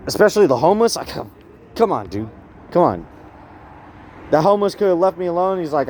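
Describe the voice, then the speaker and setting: A man's voice: fairly high pitch, expressive, quick pace, dark tone, a little hiss or hum. A man vlogging in a rambling, casual monologue, tagging his lines with "eh?" and laughing often.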